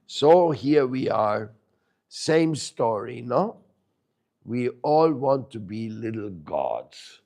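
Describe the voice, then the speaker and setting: Gravelly slow-talking guy giving a spiritual talk, asks the crowd stuff, punches words. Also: mid-range voice, very animated, warm tone. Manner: questions listeners, jokes, and stresses key words. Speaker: spiritual teacher. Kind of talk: devotional lecture to a live group. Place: room with a small audience.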